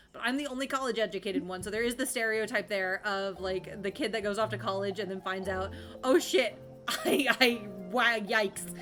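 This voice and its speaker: Young woman streamer, high bright voice, rambling chat, quick laughs, faint music behind. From Florida, US. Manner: rambling, laughing often, casual swearing. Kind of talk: casual chat while streaming a game.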